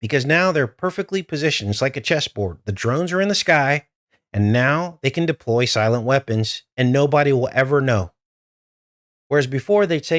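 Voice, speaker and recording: A man's voice: medium pitch, expressive, a little fast, no room sound, clean studio sound. A man hosting a live stream, talking straight to his viewers in an urgent, earnest way. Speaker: livestream host.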